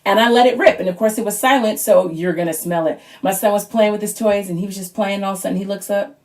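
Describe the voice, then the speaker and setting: A woman in her thirties tells stand-up comedy stories at home in a chatty, animated way. Now and then she jumps into a squeaky kid voice for her children's lines. Her voice sits in a middle pitch. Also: quick pace. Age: 30s. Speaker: stand-up comic auditioning.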